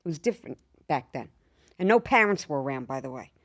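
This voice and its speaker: A woman, co-hosting a podcast and telling a brash, animated story with a lot of swearing. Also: sits low, fast. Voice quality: slight lisp. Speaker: podcast co-host. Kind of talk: casual storytelling chat.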